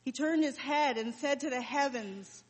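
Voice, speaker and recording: A woman's voice: high-pitched, close to an everyday voice. Mary, a grieving mother, as a woman plays her. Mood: sorrowful. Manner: slow, heavy pauses, emotional recollection. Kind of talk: dramatic monologue. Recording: reverberant hall.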